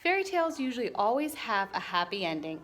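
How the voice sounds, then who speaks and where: A woman librarian giving a scripted introduction for children, explaining things in a clear, friendly way. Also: on the high side, very animated, fast, a bit bright.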